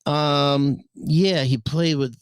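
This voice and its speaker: A man's voice: a little high, steady tone, very slow, smooth, no room sound. A man hosting a casual live-stream talk show, chatty and loose, greeting viewers and swearing casually. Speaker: host.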